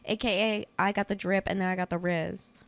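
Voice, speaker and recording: A woman's voice: mid-range voice, fairly even intonation, a little fast, fairly bright tone. A woman in her twenties hosting a casual comedy podcast, brash and teasing with crude jokes. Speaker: podcast host.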